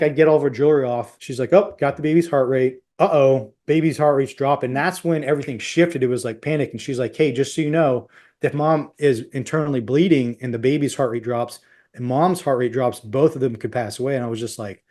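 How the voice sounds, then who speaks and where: A man's voice: mid-range voice, darkish tone. A man in his thirties, a guest on a podcast, intensely telling a personal story and acting out what others said. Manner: intense, quotes others in their voices while retelling.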